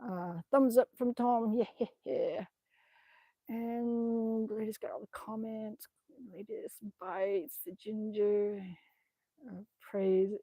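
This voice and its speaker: Slow-talking woman chatting on a livestream. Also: medium pitch, fairly even intonation, warm tone, no room sound. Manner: chatty, laughs often, mutters to herself while tapping through her screen. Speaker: vlogger reading live chat comments. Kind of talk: casual livestream chat.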